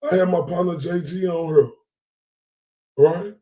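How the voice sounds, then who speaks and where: In an echoey room with lo-fi sound, a Dallas-area vlogger rants heatedly and profanely at his followers. His voice sits somewhat higher than most men's, steady, unhurried, and dark in tone, and he circles back with repeated phrases and "right?"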